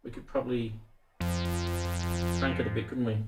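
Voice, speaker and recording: A man's voice: mid-range voice, level tone, a little slow, loud music behind the voice. A man hosting a live stream about synth modules, chatting casually and rambling with many restarts. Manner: rambling, self-interrupting, chatty.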